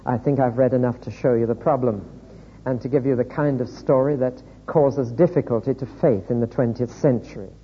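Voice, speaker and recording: A man preaching a sermon, reading scripture aloud in a measured, deliberate way. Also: mid-range voice, slightly rough. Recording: echoey hall, dull lo-fi sound.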